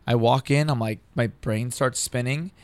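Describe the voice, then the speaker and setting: A man's voice: medium pitch, normal speed, clean tone, no echo. A man telling a long personal story in casual, profane, rambling talk, acting out what others said.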